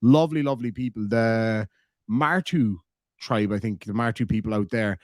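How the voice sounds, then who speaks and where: A man's voice: fairly low pitch, normal speed, a little mellow, no echo, clean studio sound. An Irish man in casual chat, reading out viewer messages and telling rambling stories, swearing freely. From Ireland.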